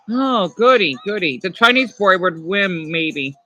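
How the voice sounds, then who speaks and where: Lively, excitable woman gaming commentator. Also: mid-range voice, unhurried, few pauses, faint music behind. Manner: rambling, excitable, talks to viewers. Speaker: gameplay commentator. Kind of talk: casual gameplay commentary.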